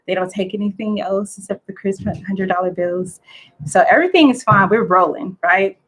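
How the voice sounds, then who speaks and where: A woman, a guest, telling a story in a casual, excitable, chatty way with lots of fillers. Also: mid-range voice, moderate pace, poor audio. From United States.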